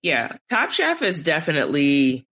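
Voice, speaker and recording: A woman co-hosts a casual podcast chat with a bright, forward voice. She speaks with animated emphasis and laughs easily as she talks. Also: low-pitched, moderate pace, breathy edge. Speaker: podcast co-host.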